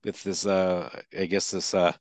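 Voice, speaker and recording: Man, low voice, rambling with fillers and restarts, dry close recording. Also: level tone, a little slow, no echo. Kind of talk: casual political chat.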